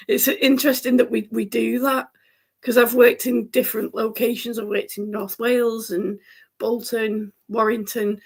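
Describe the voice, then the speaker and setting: A woman from England with a northern English accent, hosting a friendly, casual chat over a video call and laughing often. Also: on the high side. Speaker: host. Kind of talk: casual conversation.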